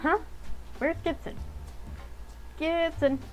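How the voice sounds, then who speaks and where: A woman's voice: very high-pitched, steady tone, takes it slowly, faint music behind, voice pushed up, poor audio. A woman voicing a young female grifter supervillain, reading her lines from a visual novel aloud with wry, self-deprecating asides. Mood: flustered.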